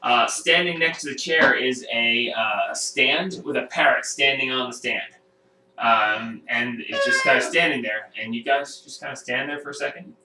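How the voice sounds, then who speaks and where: A man narrating a tabletop game as game master, halting and full of ums. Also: mid-range voice, noisy background. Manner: halting, lots of ums and uhs. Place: home room. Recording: roomy sound from a distant mic.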